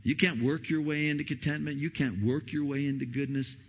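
A middle-aged male pastor preaching a sermon, swinging from loud emphatic peaks down to hushed whispers. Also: a little high, steady tone, brisk, highs cut off, a little hiss or hum.

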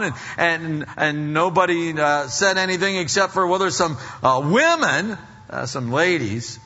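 A man's voice: on the high side, animated, unhurried, pushed and bright, in a large hall, dull audio. A man preaching a sermon in a folksy, conversational way, full of fillers and restarts. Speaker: pastor.

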